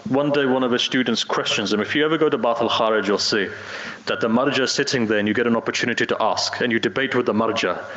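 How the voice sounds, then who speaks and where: A man's voice: mid-range voice, quick pace, a bit bright. A middle-aged man preaching a sermon, telling stories and acting out the voices of the people in them. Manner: storytelling, acts out quoted voices. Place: broadcasting from home during lockdown. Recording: echoey, dull lo-fi audio.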